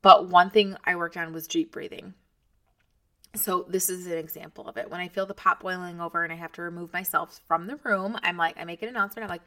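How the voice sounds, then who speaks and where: A woman's voice: lowish voice, steady tone, brisk, fairly bright tone. A woman in her thirties hosting a podcast, talking casually and encouragingly to other moms. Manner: chatty and encouraging, talks straight to the listener. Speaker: podcast host. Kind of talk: casual motivational talk to moms.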